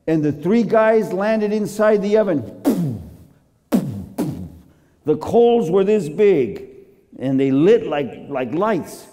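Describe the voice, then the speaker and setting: Animated preacher in a reverberant hall. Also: male voice, a little high. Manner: acts out characters, laughs, shouts at climaxes. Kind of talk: dramatic sermon storytelling.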